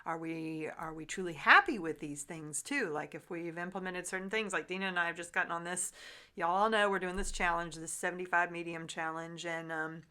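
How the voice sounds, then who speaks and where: A woman's voice: fairly low pitch, sharp tone. A woman hosting a podcast in upbeat, chatty casual talk. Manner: upbeat, chatty, says "y'all". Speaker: podcast host. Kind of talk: casual chat.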